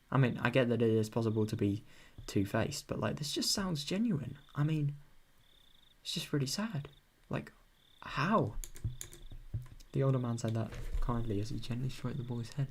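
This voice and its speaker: A young British man reading a visual novel aloud, breaking off to chat and swear about the story. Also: mid-range voice. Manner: chatty, swears often, reacts with sudden bursts. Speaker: video novel reader.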